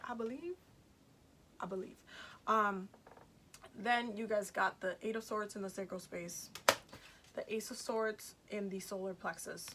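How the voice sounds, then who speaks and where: A tarot reader with a fairly high, fairly bright voice gives her viewers a casual, chatty reading. She's emphatic, repeats herself, and uses lots of fillers, with slight background noise in the recording.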